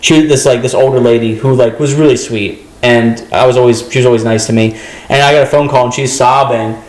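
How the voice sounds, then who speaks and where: A man's voice: mid-range voice, steady tone, a little fast, roomy sound, rough recording. A young adult man, a comedian guest, telling a rambling story in casual chat and acting out the voices he quotes.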